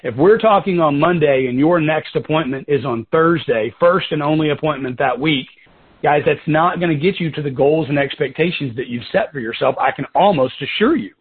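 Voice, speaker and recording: A sales team leader and mentor runs a coaching talk over a conference call, his voice a little high and slightly rough. He keeps it casual, calls his team "guys" a lot, and drifts into side stories. The phone line makes it sound tinny.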